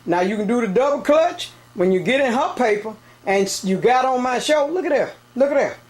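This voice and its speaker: A high-pitched man hosts an outdoor talk show, talking fast and loose to guests and viewers. He is out of breath and keeps the chatter lively. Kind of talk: casual on-location interview.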